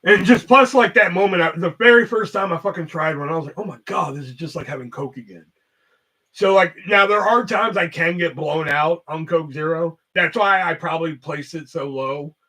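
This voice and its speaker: A man's voice: on the high side, normal speed, few pauses, pushed and bright. A man hosting a casual livestream chat, rambling and swearing heavily as he talks. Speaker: host.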